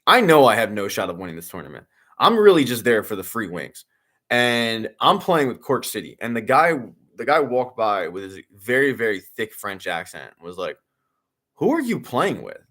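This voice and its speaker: Hosting a sports watch-along stream, a young guy with a slightly low voice hops from topic to topic as he chats and commentates at a moderate pace. His excitable-fan delivery is loaded with fillers and restarts, plus an occasional curse.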